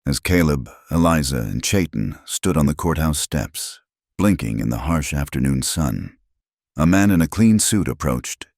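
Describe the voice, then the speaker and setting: An extremely deep male voice reads a western tale in short, dramatic phrases, his pitch rising and falling with lively expression. The recording is close and dry, with no room sound at all. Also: gravelly, no room sound. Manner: dramatic, measured, pausing phrase by phrase. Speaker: storyteller. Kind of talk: scripted narration of a western story.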